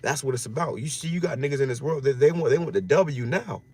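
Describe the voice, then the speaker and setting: A man's voice: medium pitch, lively intonation, fast, a little mellow, slightly rough. A man giving an informal scripture teaching in slangy street talk, often repeating phrases and restarting his words. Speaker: religious teacher.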